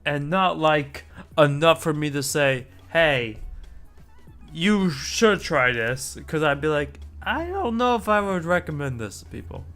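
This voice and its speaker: A man on a casual live stream, his voice sitting a little high for a man. He rambles along in a loose, chatty way, dropping asides and the odd curse. Soft music plays faintly underneath. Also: animated, a little slow.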